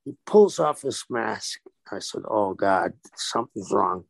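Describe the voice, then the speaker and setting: A man's voice: lowish voice, a little slow, creaky, no echo. A man, a former pro wrestler, telling stories in a casual interview and acting out the dialogue as he goes. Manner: animated storyteller who acts out quoted dialogue.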